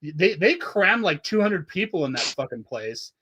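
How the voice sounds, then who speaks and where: A middle-aged man hosts a podcast over remote call audio, rambling, swearing a lot, and laughing through old stories. His voice is a little high and slightly rough, very animated and bright with a forceful tone, at a moderate pace.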